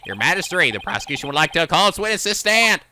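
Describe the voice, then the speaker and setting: A man's voice: fairly high pitch, sing-song, quick pace, bright, forceful tone, slight background noise, full character voice. A man playing a smug prosecutor. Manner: mocking courtroom formality.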